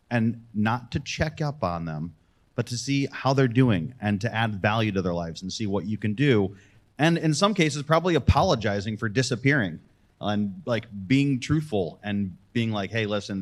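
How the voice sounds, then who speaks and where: A man's voice: fairly low pitch, expressive, moderate pace. A man on a panel giving practical, conversational advice.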